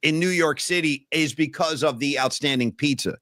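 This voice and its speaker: A man co-hosting a casual sports podcast, talking in an excitable, joking way, full of asides. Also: a little high, normal speed, no echo, clean studio sound. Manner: excitable, jokey, puts on drawling impressions. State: winded. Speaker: podcast co-host.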